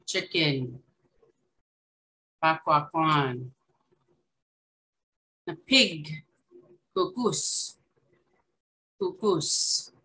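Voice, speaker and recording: A woman teaching a language lesson over a video call, repeating each word slowly and adding casual asides. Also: fairly low pitch, pushed and bright, rough recording.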